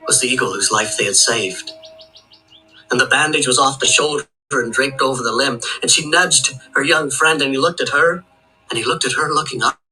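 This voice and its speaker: A man telling a folk tale aloud, with a steady rhythm that links each line with "and". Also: mid-range voice, poor audio. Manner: rhythmic, with long chains of "and". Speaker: storyteller.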